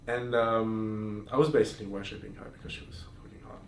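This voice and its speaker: A fast-talking podcast host with a lowish voice and fairly even intonation candidly shares explicit stories, his casual chat riddled with fillers and restarts. The audio is distant from the mic in a roomy space, with faint noise.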